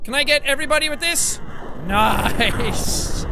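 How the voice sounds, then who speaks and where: A young Irish man giving energetic let's-play commentary, swearing constantly and yelping and cheering at the game. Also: extremely high pitch, moderate pace, background noise. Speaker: gaming YouTuber.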